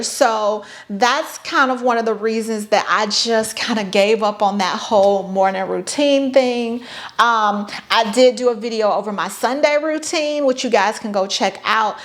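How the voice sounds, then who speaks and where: Woman, vlogger, chatty, playful, sarcastic, slightly high-pitched. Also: fairly bright tone. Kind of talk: casual talk to camera.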